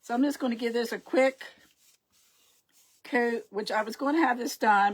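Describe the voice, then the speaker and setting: A woman's voice: fairly high pitch, normal speed. A middle-aged woman hosting a casual live craft stream, rambling and chatty, often losing her words and greeting her viewers.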